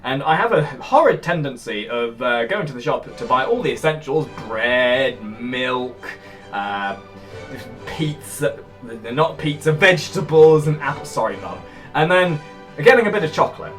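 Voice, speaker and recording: A man's voice: mid-range voice, unhurried, faint music behind. A young man from England with an upper-class sounding English accent, chatting casually and jokily as a YouTuber answering viewer comments. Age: young adult. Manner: animated and jokey, with bursts of loud shouting. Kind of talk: casual vlog chat.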